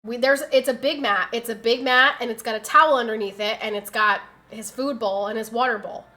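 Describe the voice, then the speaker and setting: Chatty, bright-voiced woman streamer. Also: a little high, fairly even intonation, a little fast. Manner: chatty, exasperated storytelling, reads chat aloud. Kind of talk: casual livestream chat.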